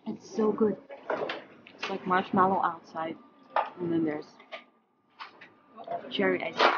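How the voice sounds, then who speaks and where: A woman talks casually to her camera on location. She speaks slowly in a lowish voice, relaxed and chatty. Clear outdoor ambient noise surrounds her on the camera mic. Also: highs cut off. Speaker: travel vlogger. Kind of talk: casual on-location vlog talk. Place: outdoors on location while traveling.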